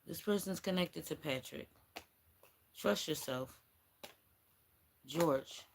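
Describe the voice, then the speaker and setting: Gravelly woman giving a blunt spiritual reading. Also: sits low, slow pace, slight background noise. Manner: rambling, blunt, swears casually. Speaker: spiritual reader.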